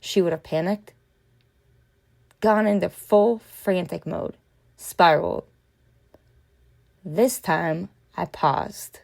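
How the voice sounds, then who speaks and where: A woman's voice: lowish voice, steady tone, slow pace, vocal fry, pauses often, a little mellow. A woman hosting a reflective solo podcast, speaking earnestly and heartfelt, addressing her listeners as friends. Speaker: podcast host.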